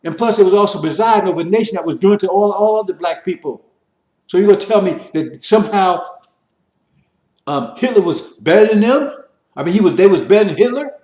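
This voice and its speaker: A man giving an impassioned religious lecture, preachy and repetitive, rising to forceful emphasis. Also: high voice, expressive, fairly quick, echoey room. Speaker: religious teacher.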